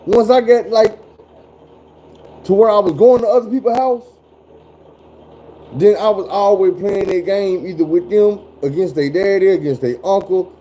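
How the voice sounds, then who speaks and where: A man's voice: high-pitched, warm tone, a little hiss or hum, rough recording. Blunt, cussing man in his forties. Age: 40s. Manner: profane, blunt, drawling storyteller. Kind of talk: casual storytelling chat.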